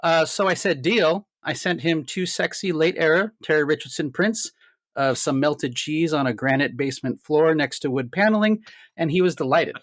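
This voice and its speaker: A man's voice: a little high, normal speed, no echo. A man cohosting a film podcast, chatting casually and reading a comic synopsis in a jokey, rambling way full of fillers.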